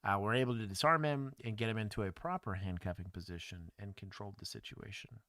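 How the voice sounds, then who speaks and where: A former police officer hosting a livestream, reacting bluntly and casually to bodycam footage with laughs. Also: male voice, lowish voice, fast talker, bright, forceful tone, dry recording, clean studio sound.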